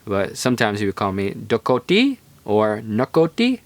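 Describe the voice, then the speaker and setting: Chill young guy rambling through stories on his podcast, lowish voice, dry close sound. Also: wildly swooping pitch, normal speed, no echo. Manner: rambling, laid-back, many fillers. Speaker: podcast host. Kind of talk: casual storytelling monologue.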